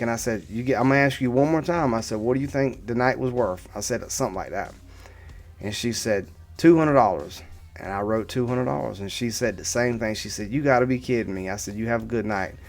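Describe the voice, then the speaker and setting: A man in his thirties talking casually to camera, rambling through a personal story with many restarts and asides. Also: mid-range voice. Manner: rambling, repeats "right?" and restarts. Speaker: vlogger.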